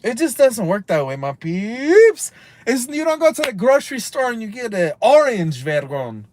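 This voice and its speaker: A man ranting on a livestream, rambling and cursing, dropping Spanish slang, swinging from loud outbursts to low mutters. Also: sing-song, normal speed, a little hiss or hum. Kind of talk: casual rambling livestream rant.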